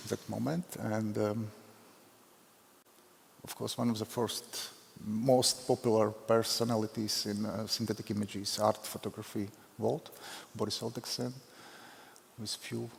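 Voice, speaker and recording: A Latvian man with a Latvian accent, speaking in halting, self-deprecating English with many fillers as a photographer giving a conference talk. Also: fairly low pitch, level tone, gravelly, slight background noise. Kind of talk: unscripted conference presentation. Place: large hall. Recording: long hall reverb.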